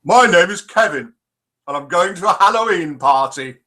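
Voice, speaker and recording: A man's voice: sits high, animated, moderate pace, sharp tone, heavily acted. A man reading a joke aloud and voicing an old nun in a raised, sing-song voice. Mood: prim. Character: old woman, a cheeky nun.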